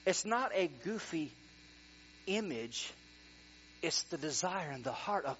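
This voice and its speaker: A middle-aged male pastor preaching a sermon, animated, swinging from quiet talk to excited near-shouting. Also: fairly high pitch, unhurried, long pauses. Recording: dull lo-fi sound with mains hum.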